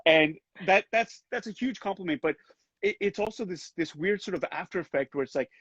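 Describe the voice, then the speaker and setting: A man raised in Canada talks earnestly through a headset on a video call, circling back and restarting his sentences as he thinks. His voice sits a little high and sounds husky, and the close, dry audio comes through dull and lo-fi. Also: expressive, brisk, fairly bright tone, dry recording. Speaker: actor being interviewed. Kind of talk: casual video-call interview.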